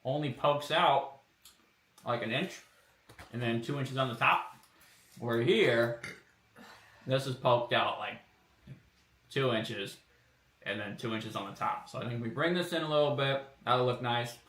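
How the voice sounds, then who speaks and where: A man chats his way through car design work on a stream, laid-back and meandering, with fillers as he thinks aloud. His tone is sharp and bright. The sound is roomy, as if he sits back from the microphone in a workshop room. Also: mid-range voice, unhurried, long pauses, far from the mic. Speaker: streamer showing car body kit designs. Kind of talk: casual live-stream commentary. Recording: roomy, from away from the mic.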